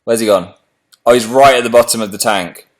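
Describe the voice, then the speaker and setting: A man chatting casually to viewers on a live stream, excitable and cooing over a small pet. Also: mid-range voice, fairly quick, echoey room. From England. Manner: excitable, coos over his pet shrimp. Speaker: livestream host.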